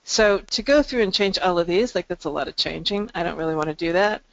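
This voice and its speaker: A woman's voice: lowish voice, brisk, creaky, no echo. Webinar presenter woman, explainy demo tone, dry muffled call audio. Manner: explanatory, frequent ums and restarts. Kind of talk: screen-share software demo.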